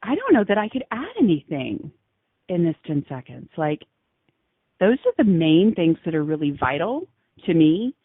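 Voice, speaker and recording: A woman's voice: lowish voice, sing-song, moderate pace, slightly rough, no echo. A woman chatting as a radio show guest, laughing often and gushing. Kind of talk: giggly casual chat. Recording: tinny phone line.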